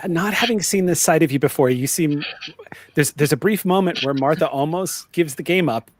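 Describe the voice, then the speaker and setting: Husky-voiced man as game master. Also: on the high side, moderate pace. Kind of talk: narrating a tabletop game.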